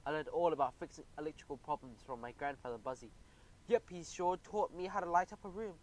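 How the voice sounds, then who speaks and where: Brief: cheerful can-do lady mouse, soothing and reassuring, read by a man, fairly high voice. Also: brisk, a little mellow, close to an everyday voice, poor audio. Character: cheerful capable young female mouse. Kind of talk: audiobook character voice.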